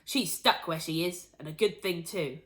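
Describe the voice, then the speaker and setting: A woman voicing a loud, blustering farmer father in a children's storybook, shouting his lines. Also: fairly low pitch, normal speed, voice pushed down, close to an everyday voice. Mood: scornful.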